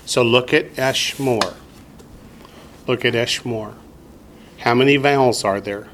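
A man at a mid-range pitch leads a classroom lesson. He speaks patiently and deliberately, stopping to quiz his students. His voice stays measured and steady. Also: a little hiss or hum. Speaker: teacher.

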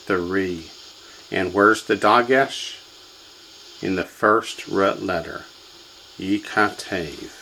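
A man's voice: sits low, slow, vocal fry, pauses often, bright, forceful tone, slight background noise, rough recording. A man teaching a classroom lesson, drilling students with repetition and quiz questions. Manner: drills students, has them repeat words, quizzes them. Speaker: language teacher.

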